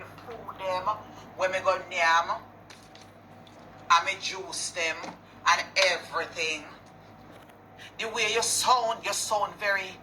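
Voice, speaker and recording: A woman's voice: lowish voice, pushed and bright, slight background noise, low-quality recording. A woman with a Jamaican accent in an angry rant video, cursing and confrontational in patois. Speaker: business owner in a posted clip.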